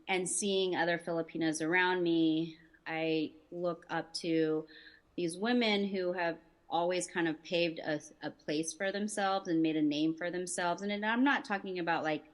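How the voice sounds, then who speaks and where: A young woman speaking thoughtfully in an interview, pausing often. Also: low-pitched. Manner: thoughtful, many "like" fillers. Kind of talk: reflective interview.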